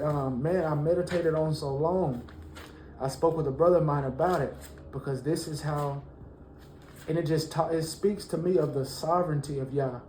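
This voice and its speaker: A man teaching a Bible lesson, reading verses slowly and then preaching with rising fervor. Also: fairly high pitch, dark tone, reverberant, slight background noise, low-quality recording.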